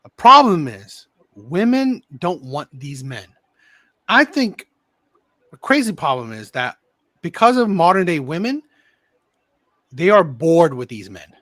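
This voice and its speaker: A man's voice: fairly high pitch, big pitch swings, measured pace, long pauses, bright, forceful tone, dry recording. A man hosting a call-in show, giving emphatic commentary and often repeating himself. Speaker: host.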